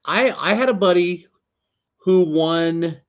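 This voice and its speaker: A man's voice: high voice, slow pace, clean tone, muffled recording. A man co-hosting a podcast in casual chat, laid-back and brief in his replies. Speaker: podcast co-host.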